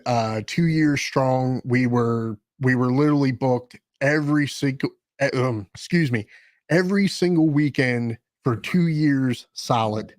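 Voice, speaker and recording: A man's voice: medium pitch, dry recording. Rambling man with a dry close sound. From Maryland. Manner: rambling, with frequent restarts and self-corrections. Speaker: guest musician and podcast host. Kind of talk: casual interview talk.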